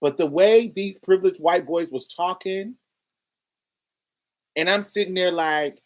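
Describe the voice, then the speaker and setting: A woman's voice: on the low side, unhurried, pauses often, a little mellow. A woman podcast host giving casual review commentary, talking in slang with exasperated asides.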